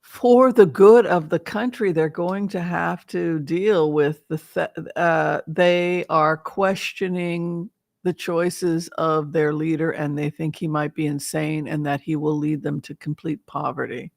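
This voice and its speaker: A woman's voice: sits low, fairly even intonation, takes it slowly, vocal fry, darkish tone, no room sound, clean studio sound. A woman tarot reader talking in a casual, rambling, playful way, often breaking into laughter.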